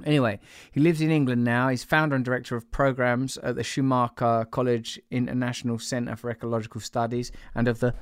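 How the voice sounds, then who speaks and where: A man's voice: medium pitch, a little mellow, clean tone, no echo, clean studio sound. A man hosting a casual podcast, rambling and jokey, teasing his co-worker and trailing off with fillers. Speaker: podcast host.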